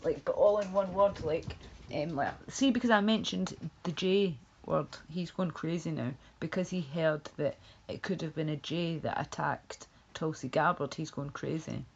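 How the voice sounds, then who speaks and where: A woman livestream host with a low, creaky, slightly rough voice rambles bluntly at a moderate pace in a casual rant, swearing and laughing often. The audio is lo-fi.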